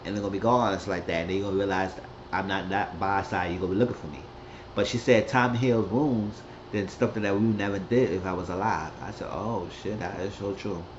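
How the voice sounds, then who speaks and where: A man recapping a TV episode in a loose, rambling way, jumping into characters' lines with a raised, lively voice. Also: fast talker, muffled recording, noisy background. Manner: rambling, acts out quotes with raised pitch. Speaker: recap host.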